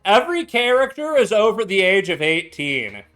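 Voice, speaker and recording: Young man, tipsy, casual profane chat, frequent laughs, high-pitched voice, faint music behind. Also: big pitch swings, moderate pace, fairly bright tone. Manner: loose, profane, laughs a lot. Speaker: streamer making cocktails. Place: home bar.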